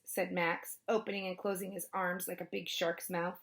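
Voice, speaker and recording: A woman reading a children's chapter book aloud, lively, with her pitch rising for the kids' lines and dropping for the narration tags. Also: normal speed, hardly any pauses. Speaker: storybook reader. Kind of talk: children's read-aloud with character voices.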